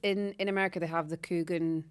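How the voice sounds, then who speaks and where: Young woman co-host, lowish voice, earnest, agrees a lot and talks it through. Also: steady tone, quick pace, clean tone. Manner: earnest, agreeable, makes her point steadily. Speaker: podcast co-host. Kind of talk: casual chat.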